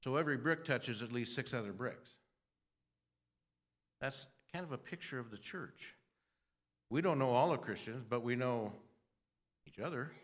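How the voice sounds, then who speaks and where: Older man, church sermon, rambling, clears throat, self-deprecating asides. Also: mid-range voice, expressive, moderate pace, pauses often. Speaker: preacher.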